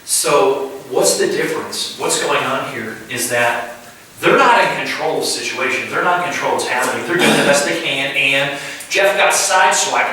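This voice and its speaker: Animated man preaching in an echoey room. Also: mid-range voice, moderate pace. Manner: animated, acts out little scenes, asks the room. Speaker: pastor. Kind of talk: informal sermon with skits. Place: house church room. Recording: echoey room, mic far off.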